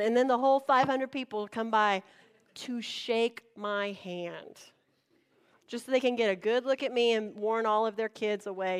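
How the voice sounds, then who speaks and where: A woman pastor preaching a sermon, telling a personal story with animated, acted-out dialogue to a congregation. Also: fairly high pitch, a little slow, clear, resonant tone. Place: church before a congregation.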